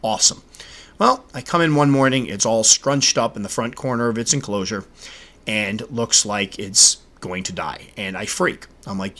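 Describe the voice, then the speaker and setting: A man hosting his own podcast and talking casually on his own. He tells stories with animated delivery and voices his own exasperated reactions. His voice sits in a middle pitch. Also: fairly quick. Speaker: podcast host. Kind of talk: casual solo podcast talk.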